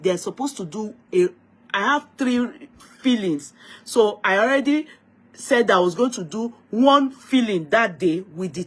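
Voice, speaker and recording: A vlogger with a Nigerian accent and a husky, medium-pitched voice tells her viewers a lively, dramatic story, sliding now and then into Yoruba.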